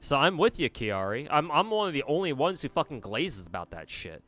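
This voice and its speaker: A man's voice: a little high, very animated, a little fast, a bit bright, soft background music. A young man streaming games, rambling casually, swearing and answering chat messages. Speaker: gacha game streamer.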